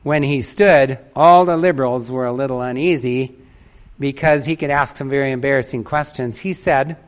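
A man's voice: mid-range voice, moderate pace. A man preaching a sermon in an emphatic way, repeating key phrases for stress and reading out a story.

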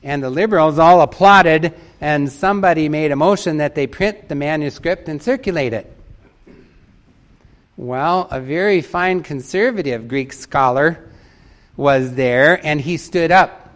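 A man's voice: a little high, a little slow, fairly bright tone. Emphatic man preaching a sermon. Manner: emphatic, repeats key phrases for stress. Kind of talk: sermon with a read-out story.

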